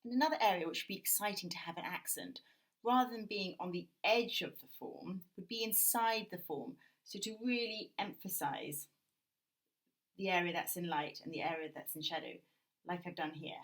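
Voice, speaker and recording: A woman with a British accent teaching a drawing lesson, explaining gently and thinking aloud as she draws. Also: on the low side, moderate pace, poor audio. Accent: British English. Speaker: art teacher. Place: indoors at a drawing table.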